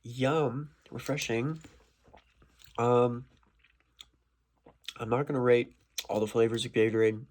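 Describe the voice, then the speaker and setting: A man's voice: medium pitch, fairly even intonation, slow pace, pauses often. A man vlogging from his desk in a casual, rambling way, full of fillers and swearing. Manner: rambling and meandering, with many fillers and profanity.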